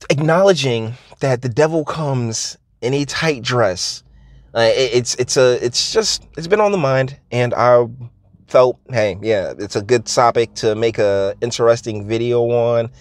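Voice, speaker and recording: A man's voice: mid-range voice, dry recording, clean studio sound. A man ranting casually on his vlog, rambling and interrupting himself, laughing often. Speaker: vlogger. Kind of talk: casual comedic rant.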